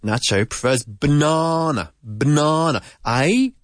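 Man, teacher, lively pitch, dry close sound, chatty, drills pronunciation. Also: no room sound. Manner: chatty, repeats words slowly for pronunciation. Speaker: English teacher. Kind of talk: casual language lesson.

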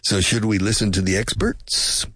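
A man's voice: fairly low pitch, steady tone, normal speed, fairly bright tone, dry recording, studio quality. A man teaching English in a casual spoken lesson, musing and speculating aloud and drilling pronunciation by repetition.

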